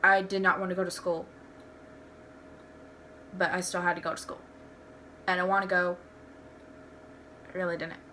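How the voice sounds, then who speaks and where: A woman's voice: lowish voice, flat delivery, normal speed, long pauses, bright, forceful tone, slight background noise. A young woman tells personal stories in a candid, rambling home vlog, restarting her sentences often. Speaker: vlogger. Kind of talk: casual storytelling vlog.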